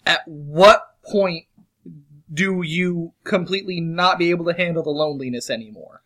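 High-voiced playful man. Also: a bit bright. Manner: playful, quick to object with repeated "no, no". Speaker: co-host. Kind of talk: casual chat.

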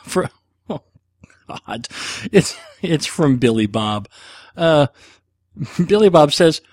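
A man's voice: on the high side, big pitch swings, takes it slowly, a little mellow, dry recording. A middle-aged man hosting a podcast, answering listener questions in a rambling, self-deprecating casual chat with plenty of fillers.

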